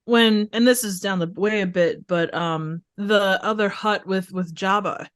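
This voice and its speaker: A woman's voice: medium pitch, clear, resonant tone. Female guest, casual podcast talk, eager and laughing, mid-range voice. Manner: enthusiastic, quick to laugh, searches for words. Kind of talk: casual movie podcast chat.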